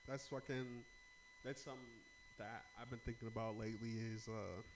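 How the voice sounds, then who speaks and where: A young man hosting a casual podcast chat, telling a story with lively energy and acting out arguments. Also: mid-range voice, fairly quick, noisy background. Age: young adult. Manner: animated storyteller, acts out heated arguments loudly. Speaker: podcast host.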